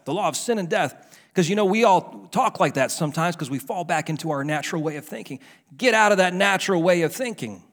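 A man preaching a fervent sermon as pastor at a church service, rising high and loud when stirred, then dropping back to a conversational tone.

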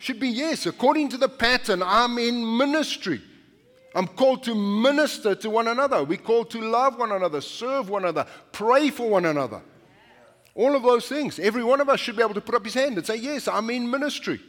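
A man's voice: very high voice, expressive, a little fast, a bit bright, long reverb tail. A male pastor preaching a sermon in a conversational, anecdotal way, often restarting his sentences. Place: church sanctuary.

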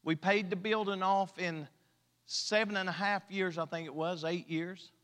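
A man's voice: high-pitched, fairly even intonation, normal speed, fairly bright tone. A man preaching a sermon at a church service, drawing out emphatic repeated lines and mixing in humor. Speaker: pastor. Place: church sanctuary. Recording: church hall reverb.

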